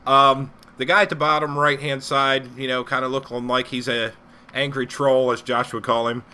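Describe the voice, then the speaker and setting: A man co-hosting a casual live-stream talk show, swearing freely and laughing loudly. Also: mid-range voice, little pitch movement, normal speed, clear, resonant tone. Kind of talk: casual profane banter. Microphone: live-stream microphone.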